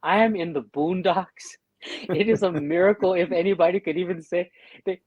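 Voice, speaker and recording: A man's voice: high voice, fairly even intonation, normal speed, darkish tone, no echo, highs cut off. Laughing man acting out quotes. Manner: laughing, acts out quoted voices. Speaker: guest. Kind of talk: casual livestream chat.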